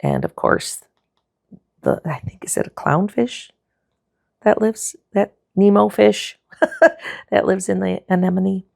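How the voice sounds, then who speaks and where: Woman, low and raspy-gravelly, easygoing rambling sketchbook tour, dry close sound. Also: slow, long pauses, no room sound. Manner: relaxed and chatty, with frequent fillers and self-corrections. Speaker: art vlogger.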